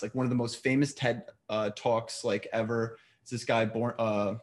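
A man's voice: medium pitch, a little fast, hardly any pauses. Rambling storyteller man from New York. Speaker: podcast guest. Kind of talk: casual chat.

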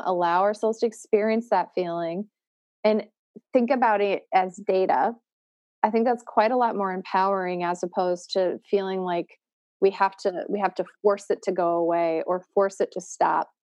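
A woman's voice: mid-range voice, fairly even intonation, normal speed, darkish tone, no room sound. A woman hosting, thoughtfully summarizing her guest's points and asking probing questions. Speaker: podcast host. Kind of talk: reflective interview talk.

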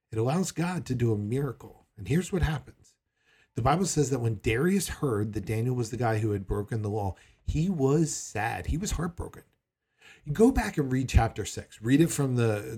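A man's voice: medium pitch, mellow, slightly rough. A man preaching a sermon in a conversational way, acting out the people he quotes. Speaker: pastor.

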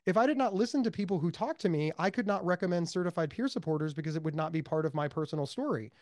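Emphatic, high-energy American man. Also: quick pace, dry recording, clean studio sound. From United States. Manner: emphatic, energetic, repeats for stress. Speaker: guest, mental health advocate. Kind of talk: animated interview talk.

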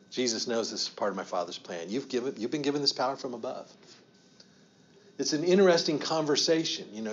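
A man's voice: mid-range voice, dull audio. A man teaching a Bible study as a pastor, asking the group questions and acting out quoted lines with rising emphasis.

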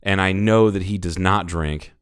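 A man's voice: sits low, moderate pace, clean tone. A man co-hosting a casual podcast, telling stories with lots of swearing and acting out what people said, a little tipsy. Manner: profane, animated storyteller who acts out quotes. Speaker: podcast co-host. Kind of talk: casual chat.

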